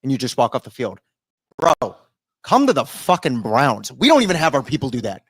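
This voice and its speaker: A man's voice: mid-range voice, brisk, slightly rough. A man co-hosting a sports podcast in casual chat, swearing freely and mocking players. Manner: animated, profane, mocking impressions. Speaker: podcast co-host.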